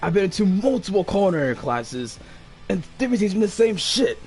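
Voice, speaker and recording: A man's voice: high-pitched, sing-song, a little fast, darkish tone, faint music behind. A man playing in a tabletop game, talking casually and laughing easily. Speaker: player. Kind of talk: tabletop role-play.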